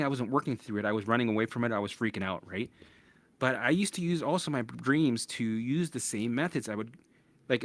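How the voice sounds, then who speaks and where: A man's voice: medium pitch, no echo. A man hosting a podcast, telling his own story frankly, swearing often, acting out his past thoughts and tossing in "right?" asides. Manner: restless, with frequent restarts and "right?" asides. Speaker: podcast host. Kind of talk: candid personal storytelling.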